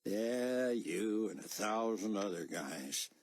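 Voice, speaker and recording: Guy doing a lazy bored desk clerk soldier, low and draggy. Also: lively intonation, slow pace, a little hiss or hum. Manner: drawling, offhand. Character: lazy male desk officer, bored and dismissive.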